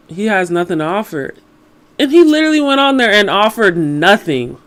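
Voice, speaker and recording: Exasperated podcast co-host ranting. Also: medium pitch. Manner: critical, exasperated. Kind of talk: casual commentary.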